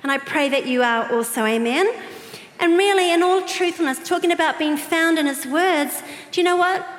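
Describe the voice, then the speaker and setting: In a large church auditorium, a woman preacher with a high voice delivers a sermon at a moderate pace. She's chatty and playful, tossing humorous asides to the congregation, and the hall's long reverb echoes around her.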